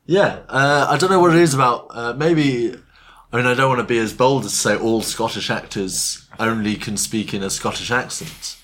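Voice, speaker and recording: A man adds dry, hesitant remarks to a casual podcast chat, often pausing on fillers. His voice sits at an ordinary middle pitch for a man. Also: a bit bright. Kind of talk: casual comedic banter.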